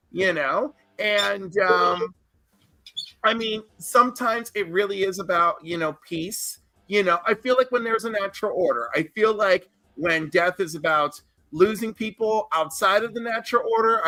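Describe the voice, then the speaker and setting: Man, high voice, bright tone, earnest rambling storyteller, casual podcast chat. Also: no echo. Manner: rambling, earnest, swears freely. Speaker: podcast co-host.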